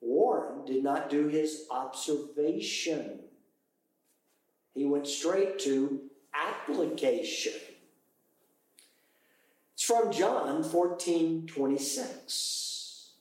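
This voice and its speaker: A British man leading a Bible study group, teaching with lively, animated explanations and sudden exclamations. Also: fairly high pitch, drawn-out words, long pauses. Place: room with a small study group. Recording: echoey, poor quality recording.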